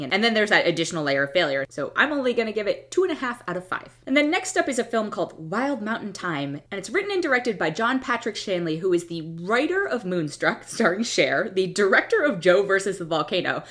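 A woman's voice: lowish voice, big pitch swings, fast talker, hardly any pauses, fairly bright tone. A woman giving a casual, blunt, opinionated film review, often restarting and trailing off mid-thought. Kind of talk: casual movie review monologue.

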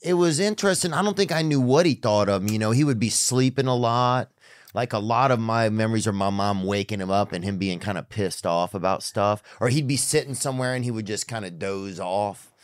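A man's voice: on the low side, brisk, dry recording, clean studio sound. A man hosting a podcast, telling stories in a rambling, casual way with lots of fillers and the odd curse. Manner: rambling, trailing off, frequent fillers and profanity. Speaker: podcast host. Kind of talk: casual chat; host-read ad.

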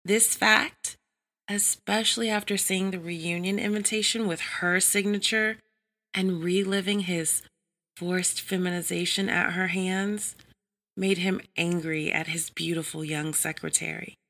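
A woman narrating an adult story in a measured, even reading style. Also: fairly low pitch.

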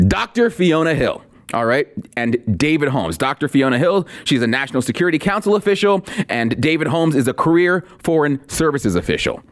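A man hosting a political commentary podcast, talking in a sarcastic way and repeating lines for emphasis. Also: fairly high pitch. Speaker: podcast host.

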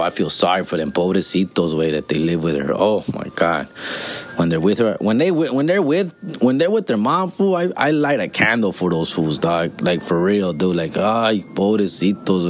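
A man in his forties hosting a podcast, talking casually and comically, full of swearing and slang, and switching between English and Spanish. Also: sits low. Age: 40s. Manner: profane, slangy, switches between English and Spanish, constantly says "fool" and "dog". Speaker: podcast host. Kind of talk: casual comedic monologue.

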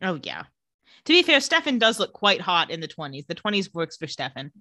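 A young adult woman with a lowish voice co-hosts a podcast, casually recapping a TV episode. She's animated, acting out the characters' lines in quick voices, and the recording is dry and studio quality.

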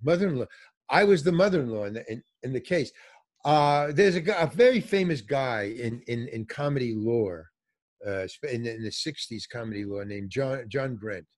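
Animated older man telling stories. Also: normal speed. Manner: animated, acts out quotes with big pitch jumps. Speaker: comedian guest telling stories. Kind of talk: casual storytelling chat.

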